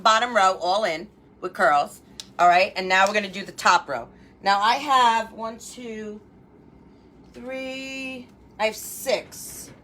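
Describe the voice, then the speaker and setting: A woman's voice: high-pitched, sharp tone, a little hiss or hum. A woman hosting a live crafting stream from home, chatting and greeting viewers by name as she works. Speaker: craft livestream host.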